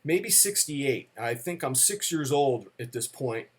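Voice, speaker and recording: A man's voice: mid-range voice, expressive, a little slow, slightly rough. A man in his fifties telling stories about fatherhood on a home video, rambling and self-deprecating with lots of fillers. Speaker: vlogger, storyteller. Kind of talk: casual storytelling monologue. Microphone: camera.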